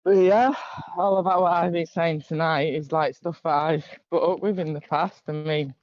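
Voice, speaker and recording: A man with a somewhat high voice tells stories in a hesitant, reflective way. His mic sounds dull and lo-fi, with a dry, close sound. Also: fairly even intonation, moderate pace, no echo. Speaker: guest. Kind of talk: casual chat.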